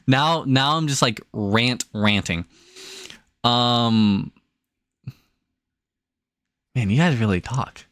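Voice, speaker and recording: A young man chatting casually on a livestream, rambling and excitable with many restarts. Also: mid-range voice, extremely slow, pauses often, dry recording, clean studio sound. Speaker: streamer.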